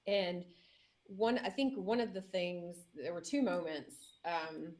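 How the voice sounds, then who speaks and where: A woman's voice: on the low side, slow pace, darkish tone. A woman who is a mayor, telling heartfelt campaign stories and acting out quotes with emotion. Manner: emotional, acts out quotes in her story. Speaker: guest mayor.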